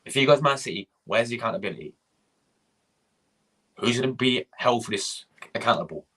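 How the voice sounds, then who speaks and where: A young man rants on a live stream, swearing and going over the same point again and again. His voice is forceful and husky. He breaks off to greet people in the chat. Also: mid-range voice, lively intonation, fairly quick. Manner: ranting, swearing, repeating himself. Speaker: fan channel host.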